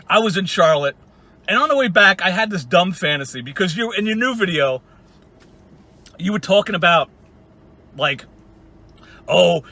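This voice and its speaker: An online video creator rants straight to camera in a mocking, profane vlog monologue, repeatedly breaking into laughter. His voice sits high and has a sharp, tense brightness.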